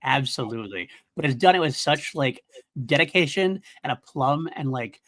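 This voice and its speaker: A man's voice: mid-range voice, lively intonation, moderate pace, a bit bright. A middle-aged man co-hosting a casual film review podcast, earnest and analytical with frequent chuckles. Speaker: podcast co-host.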